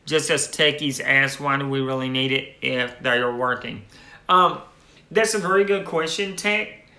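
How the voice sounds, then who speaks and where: A man's voice: medium pitch, a little slow, sharp tone, reverberant. A man hosting a tech channel in casual live-stream chat, rambling with restarted phrases as he answers viewer comments.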